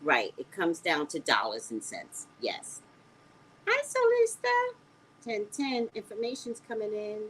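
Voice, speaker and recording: A woman with a squeaky voice hosting a casual live stream, reading quiz questions to her viewers and bantering with them in a sassy way. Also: a little slow, a little hiss or hum, rough recording. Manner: sassy, animated, talks back to viewers.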